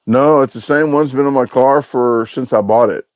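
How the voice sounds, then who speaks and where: A man's voice: mid-range voice, normal speed, a little mellow, dry recording. A man hosting a casual livestream, reading out viewer comments and answering them in a rambling, hesitant way with lots of filler sounds. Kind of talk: casual live-stream chat.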